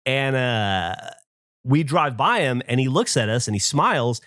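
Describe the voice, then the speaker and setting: A man in his thirties tells a story on a podcast. His pitch jumps all over as he acts out the people in it. His voice is mid-pitched, and the recording is close and dry, with no room sound. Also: measured pace, no echo. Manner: animated storyteller acting out quoted voices. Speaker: podcast host. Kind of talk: casual storytelling chat.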